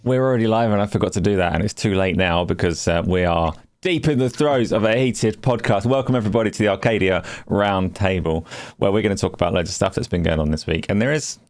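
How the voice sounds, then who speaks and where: A man with a very low, deep voice hosts a live gaming podcast. He talks casually and teases his co-hosts, putting on mock offense at their jokes. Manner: teasing, playfully indignant. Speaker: podcast host.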